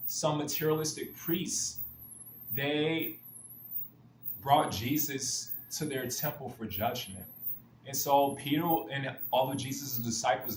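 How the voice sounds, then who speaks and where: Man, earnest spiritual talk, restarts and stock phrases, roomy echo, faint background hum. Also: mid-range voice. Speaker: spiritual speaker. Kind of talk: spiritual talk with Bible stories.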